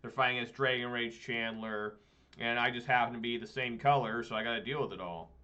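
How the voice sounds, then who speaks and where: A man's voice: medium pitch, fairly even intonation, brisk, bright, forceful tone, dull audio. A man giving casual, chatty commentary while playing an online card game, swearing when the deck lets him down.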